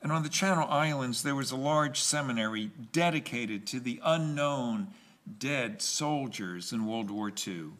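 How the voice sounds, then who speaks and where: A male pastor preaching a sermon in a slow, emphatic way, pausing and repeating key phrases. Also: medium pitch, lively intonation, fairly bright tone.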